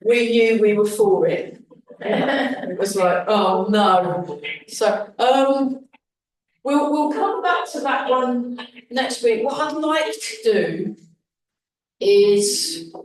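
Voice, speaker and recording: A woman instructor guides a beginners' class through gentle breathing cues, dropping chatty asides between the movements. She speaks slowly, and her voice rings around a very echoey hall, picked up from some distance by a camera mic. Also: on the high side. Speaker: tai chi instructor. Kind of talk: leading a beginners' qigong class.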